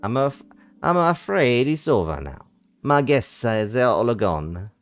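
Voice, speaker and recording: A man's voice: medium pitch, very animated, a little slow, clean tone, faint music behind, voice pushed up. A man voicing a flamboyant con-artist count in a hammy put-on Italian accent, with a theatrical, grand manner. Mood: smooth, theatrical.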